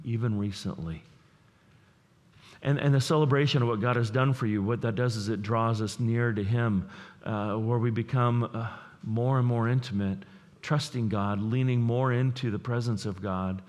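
A man who is a pastor, preaching a sermon in an earnest, conversational way. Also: mid-range voice. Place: church. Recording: long hall reverb.

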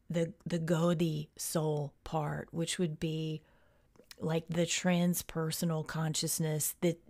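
Slow gravelly-voiced woman, hushed and meditative. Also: deep voice. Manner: soft, hushed, unhurried delivery with breathy whispered phrases. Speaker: podcast host. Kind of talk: slow meditative spoken reflection.

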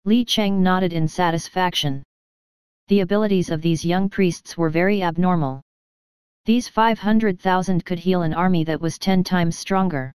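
Woman reading an audiobook, steady, lowish, really clear dry sound. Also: normal speed, dry recording. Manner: steady, even storytelling. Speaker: audiobook narrator. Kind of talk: scripted narration.

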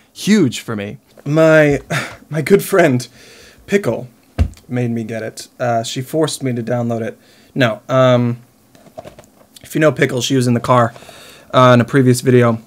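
Tipsy young man rambling to camera. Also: medium pitch. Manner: chatty and rambling, laughs often; eating while talking. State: a little tipsy. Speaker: vlogger. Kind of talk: casual chat to camera.

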